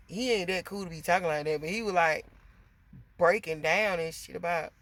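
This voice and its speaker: Woman vlogger, gravelly and sharp-toned, chatty venting with plenty of cussing. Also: lowish voice, moderate pace. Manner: chatty, swears freely, keeps addressing viewers as y'all. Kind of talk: casual venting to viewers.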